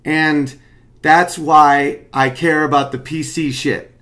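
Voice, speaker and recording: A man's voice: fairly high pitch, steady tone, slow pace, fairly bright tone. Man casually breaking down his comedy. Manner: rambling, analytical, picks up intensity when making his point. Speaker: comedian explaining his own bit. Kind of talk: casual commentary. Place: at home.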